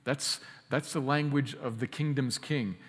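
A man preaching a sermon, emphatic, slowing down to stress key phrases and speeding through quick asides. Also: mid-range voice, steady tone, in a large hall. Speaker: pastor.

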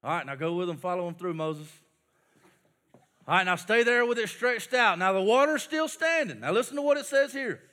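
An animated pastor reads scripture and then retells it, stopping to coach his listeners to act along. His voice is very high for a man and bright in tone. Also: brisk. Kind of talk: sermon with Bible story acted out with children.

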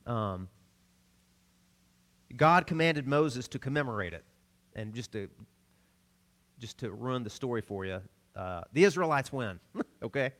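A middle-aged man from the American South preaching a sermon, telling stories with laughs and sudden swings between loud and soft. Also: mid-range voice. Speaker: pastor.

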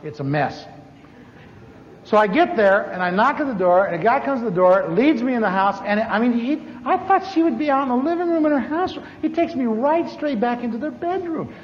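High-voiced man preaching in an echoey hall. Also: fairly quick, hardly any pauses. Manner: animated, acts out dialogue with big pitch swings. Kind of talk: storytelling sermon. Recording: echoey hall, dull lo-fi sound with faint noise.

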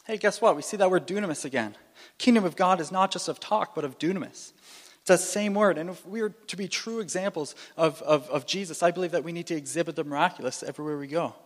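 Male preacher, sermon, somewhat high voice, animated with restarts, long hall reverb. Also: quick pace. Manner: animated, restarts and repeats phrases, playful asides.

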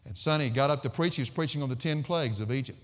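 A man's voice: medium pitch, fast, a bit bright, big-room sound. A man preaching an expository sermon, emphatic and storytelling, repeating phrases for stress.

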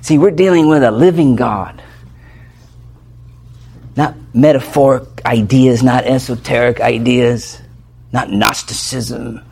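Guy preaching a sermon, punchy, lots of rhetorical questions, drops way down quiet then builds back up. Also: medium pitch, takes it slowly, vocal fry, pauses often, slightly rough. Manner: emphatic, asks rhetorical questions, swings from loud to hushed. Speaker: pastor. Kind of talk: expository sermon.

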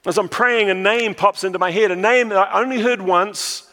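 A man's voice: sits high, normal speed, bright, forceful tone, big-room sound. A male pastor from New Zealand preaching a sermon, telling stories and often repeating words as he restarts a phrase.

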